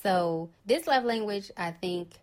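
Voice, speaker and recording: A young adult woman hosting her own podcast, talking casually and calmly to listeners and acting out little quoted lines. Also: medium pitch, slow pace. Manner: calm, chatty, acts out quoted lines. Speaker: podcast host. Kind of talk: casual solo talk.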